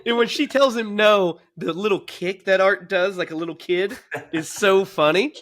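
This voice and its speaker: A man in his thirties co-hosting a casual movie podcast, animated and laughing often as he recounts scenes. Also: high voice, moderate pace. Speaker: podcast co-host.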